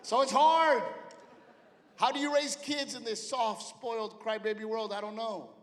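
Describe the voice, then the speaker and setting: A middle-aged man doing a stand-up set, loud and punchy, with sudden shouted punchlines. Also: very high voice, fairly even intonation, unhurried. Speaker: stand-up comedian. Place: large theater stage. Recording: live theater with long reverb and faint ambience.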